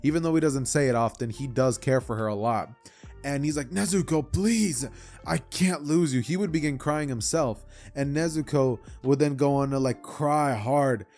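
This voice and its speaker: A young man casually retelling a fan-fiction story for his channel, rambling and animated with side comments. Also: mid-range voice, normal speed, soft background music. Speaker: YouTuber.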